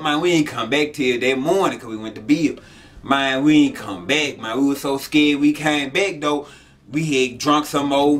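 A man hosting his own channel, telling a story in casual slang and acting out the quotes in a raised voice. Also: on the high side. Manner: animated, acts out quotes in a raised voice, profane slang. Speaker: channel host.

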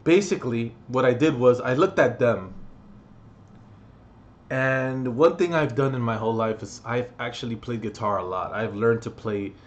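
A young man rambling to the camera in a comedic vlog, full of swearing and crude jokes, jumping between loud outbursts and low mumbles. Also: normal speed, a little hiss or hum. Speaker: vlogger.

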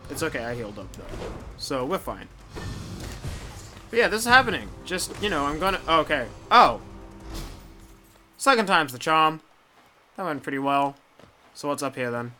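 A young man talks his way through a video game in loose, rambling commentary, swearing and chatting to the things on screen. His voice has a bright, tense edge, and soft mumbling keeps giving way to loud, excited bursts. Faint game music plays behind him. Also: a little high, normal speed, pauses often. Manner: mumbles softly, then jumps into loud excited outbursts. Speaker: gameplay commentator. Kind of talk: casual let's play commentary.

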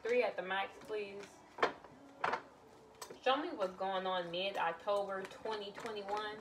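A woman's voice: mid-range voice, steady tone, measured pace, distant mic, background noise. A woman doing a casual tarot reading, blunt and exclamatory, swearing freely as she lays out cards. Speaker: tarot reader.

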